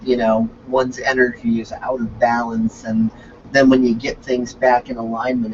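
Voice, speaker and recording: A man's voice: medium pitch, level tone, normal speed, darkish tone. A man co-hosting a comedy chat, loose and joking, swearing freely. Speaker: podcast co-host. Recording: dull lo-fi audio with faint hiss.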